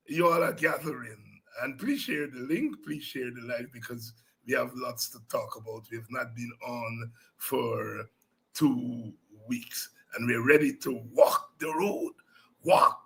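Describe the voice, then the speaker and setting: A man hosting a political talk show, telling animated stories and breaking into song. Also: medium pitch, unhurried, creaky. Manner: animated storytelling, breaks into singing and shouting. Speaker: show host.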